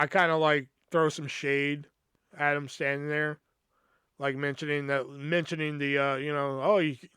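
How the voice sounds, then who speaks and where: A man's voice: fairly high pitch, a bit bright, clear, resonant tone, dry recording, studio quality. A young man hosting a podcast, telling a work story in a casual, profane way and acting out the quoted dialogue. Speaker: podcast host.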